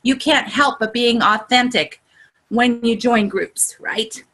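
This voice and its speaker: A woman with a higher, bright and forceful voice coaches a group over a video call. She talks with eager, earnest energy that builds into a heartfelt pep talk, and her voice shoots up whenever she gets excited. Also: slow pace. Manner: excitable, voice rises high when excited. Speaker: group leader.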